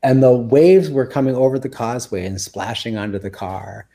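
A man's voice: medium pitch, fairly even intonation, moderate pace, mellow. A man around sixty, a health guest on a radio talk show, telling stories in a rambling way full of fillers. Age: about 60. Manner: rambling, full of "like" and "you know". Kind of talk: casual radio chat.

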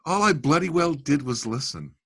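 A man's voice: fairly high pitch, lively intonation, moderate pace, a bit bright, breathy edge. A man hosting an interview, chatting enthusiastically and sharing anecdotes. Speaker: host. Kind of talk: interview chat.

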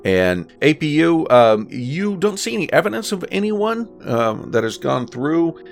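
A man's voice: a little high, sing-song, unhurried, gravelly, soft background music. A man running a tabletop game as game master, narrating scenes and calling for rolls in an easygoing way with frequent ums.

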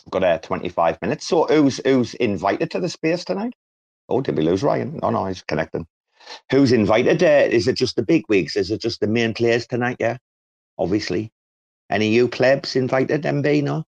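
A man's voice: mid-range voice, animated, normal speed, gravelly, a little mellow. A British man co-hosting a casual online chat, joking, teasing and swearing a lot. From Britain. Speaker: co-host. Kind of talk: casual banter on an audio chat space. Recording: dull lo-fi audio.

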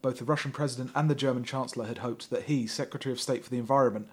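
A man's voice: mid-range voice, steady tone, racing. A man hosting a podcast who reads a thriller novel aloud with heavy sarcasm, laughing often and breaking off to mock the text. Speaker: podcast host. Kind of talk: comic reading of a thriller novel.

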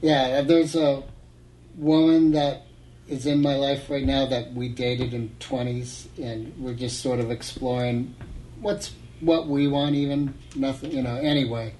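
A man interviewing a guest in a relaxed, reflective way, often with short prompts. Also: mid-range voice, measured pace, slight background noise, poor audio. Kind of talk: casual conversation.

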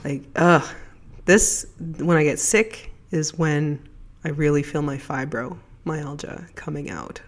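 A podcast host speaks with a stuffed-up, congested voice from a cold. The talk rambles along in a chatty, casual solo monologue, and the pitch sits in an ordinary middle range. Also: slow pace.

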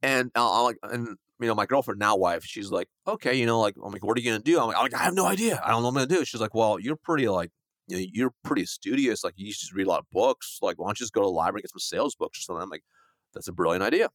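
Fast-talking man telling a story. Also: lowish voice, no echo, clean studio sound. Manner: fast, animated, acts out quoted dialogue. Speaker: guest, sales coach. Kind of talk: conversational storytelling.

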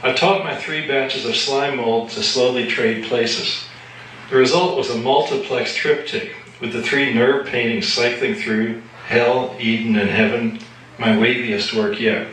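A man reading his own fiction aloud at a live event, in a measured, matter-of-fact way. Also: mid-range voice, fairly even intonation, fairly bright tone, recorded from a distance, slight background noise. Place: live reading at an evening gathering. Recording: echoey room from afar.

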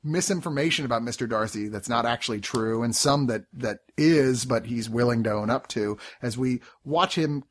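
A man's voice: mid-range voice, normal speed, few pauses. A man co-hosting a casual chat about a TV series, rambling, swearing and laughing as he acts out quotes. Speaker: podcast co-host reviewing a TV series.

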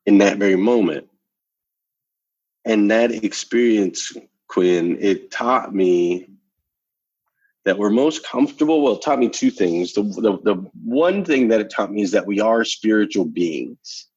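A man's voice: on the low side, lively intonation, unhurried, darkish tone, slightly rough, no echo, highs cut off. A man telling a personal story in conversation, earnest and emphatic, repeating phrases for effect. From United States. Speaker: interview guest.

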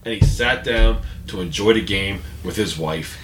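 A man's voice: on the low side, normal speed, fairly bright tone, a little hiss or hum. A man guesting on a podcast, telling self-mocking stories in casual chat. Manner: self-mocking, laughing storyteller. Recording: echoey room.

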